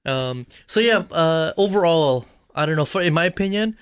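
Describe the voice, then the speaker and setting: A man's voice: fairly high pitch, lively intonation, moderate pace, smooth, no echo. A man co-hosting a casual podcast chat, laid-back and laughing at his own criticisms. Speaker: podcast co-host.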